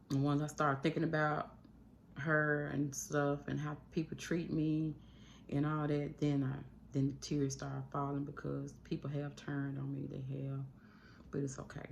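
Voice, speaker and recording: Her voice sits low with vocal fry, and there's a little hiss or hum on the phone recording. Indoors at home, this YouTube host speaks emotionally to camera about dealing with grief, earnest and rambling, with frequent changes in pace.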